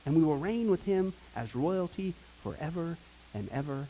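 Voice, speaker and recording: A man teaching a Bible class in a casual, rambling way, with joking asides and bursts of loud preaching. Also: a little high, lively intonation, moderate pace, low-quality recording.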